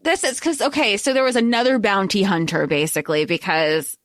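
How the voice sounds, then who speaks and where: A woman's voice: medium pitch, brisk, no room sound, studio quality. A woman co-hosting a podcast, chatting casually about a film and chiming in with questions. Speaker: podcast co-host. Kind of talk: casual movie chat.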